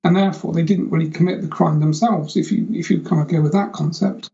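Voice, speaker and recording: Gravelly man on a dull remote line. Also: a little high, steady tone, dark tone. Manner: measured, explanatory, hedging phrases. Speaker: guest, psychic surgeon. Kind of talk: interview answers.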